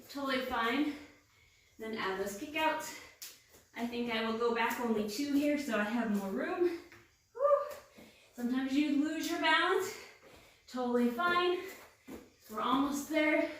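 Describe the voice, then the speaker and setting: A woman's voice: high-pitched, a bit bright, slight background noise. A young woman coaching a workout, counting reps and encouraging while out of breath. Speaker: fitness instructor. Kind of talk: guided workout instruction. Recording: very echoey room, distant mic.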